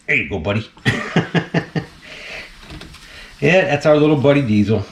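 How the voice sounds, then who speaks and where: A man's voice: medium pitch, animated, measured pace, roomy sound, slight background noise. A man hosting a casual vlog while feeding a snake, chatty and laughing often as he talks to the animal. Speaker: snake keeper and channel host.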